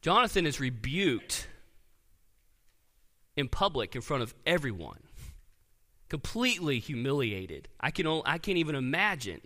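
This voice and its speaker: A pastor with a slightly high male voice reads scripture aloud during a sermon, with earnest emphasis that drops soft on key words. A large hall lends the recording a long reverb.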